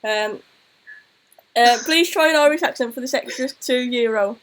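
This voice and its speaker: Woman, football stream co-host, chatty, fairly high voice. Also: normal speed, fairly bright tone, low-quality recording. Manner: chatty, thanks viewers, tells anecdotes. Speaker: co-host of a football chat show. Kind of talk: casual live-stream chat.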